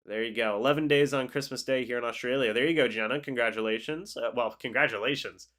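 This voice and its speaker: Fast and fairly bright, his mid-range voice moves through a casual sports stream. The young man, congested from flu, chats easily and reads aloud what viewers post, reacting as he goes.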